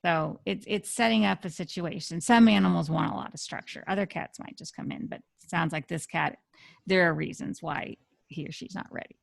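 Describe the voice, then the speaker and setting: A woman's voice: lowish voice, brisk, vocal fry, dry recording, studio quality. A woman being interviewed as a dog communicator, explaining earnestly and often restarting her sentences. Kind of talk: radio interview conversation.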